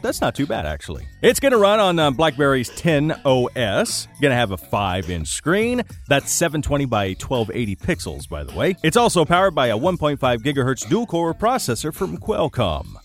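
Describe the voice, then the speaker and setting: A man hosting a daily tech news show, delivering the news with jokes and playful asides. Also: a little high. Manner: jokey, animated, playful asides. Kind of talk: comedic tech news roundup.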